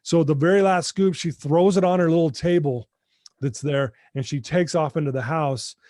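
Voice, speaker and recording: A man's voice: on the high side, normal speed, darkish tone, no echo, studio quality. A middle-aged man, a guest on a podcast interview, telling his recovery story in an earnest, heartfelt way and speaking straight to the host over a video call. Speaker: guest, addiction recovery mentor.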